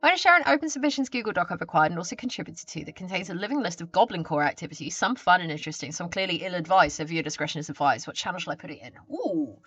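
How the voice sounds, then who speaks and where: A woman's voice: on the low side, animated, very fast, hardly any pauses, a bit bright, breathy edge, dry recording. A woman live streamer chatting casually with her viewers. She greets them and reads their messages aloud, talking into a desk mic with a pop filter.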